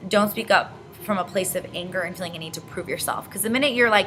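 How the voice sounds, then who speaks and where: A woman's voice: mid-range voice, fairly even intonation, fast, few pauses, music in the background, poor audio. A young woman in her twenties talking to camera in a casual advice vlog, earnest and reflective. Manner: earnest, reflective, speaks of handling conflict with poise. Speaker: vlogger.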